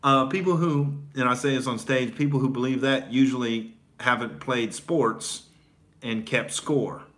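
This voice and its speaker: A stand-up comedian from Oklahoma chats casually at a measured pace, his medium-pitched voice fairly bright. Loose and profane, he leans heavily on fillers and laughs between his stories.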